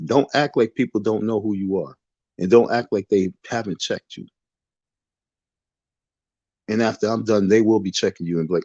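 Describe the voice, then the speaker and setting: A man with a lowish voice delivers a defiant, preachy livestream rant, circling back over the same phrases like a sermon. He talks into a phone from his bedroom. The sound is dull and lo-fi, with a close, dry feel and no room echo. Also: normal speed, pauses often, warm tone, husky. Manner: repetitive, defiant, sermon-like lecturing. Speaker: livestream host. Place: bedroom in the dark.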